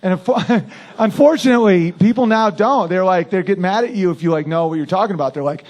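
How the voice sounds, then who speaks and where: A man's voice: high voice, fast, darkish tone. A man doing a crude, brash stand-up routine who often laughs at his own lines. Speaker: stand-up comedian.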